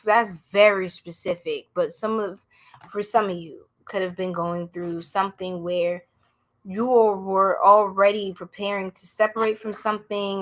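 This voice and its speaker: A woman's voice: medium pitch, fairly bright tone. A woman doing a casual live-stream tarot reading, chatting with viewers in a slangy, blunt way.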